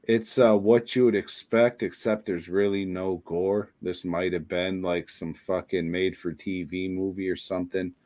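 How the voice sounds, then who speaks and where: A man with a lowish voice rambles through a horror podcast chat, laughing and swearing as he goes. He speaks slowly and takes his time. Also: fairly even intonation, darkish tone. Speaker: podcast co-host. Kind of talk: casual chat.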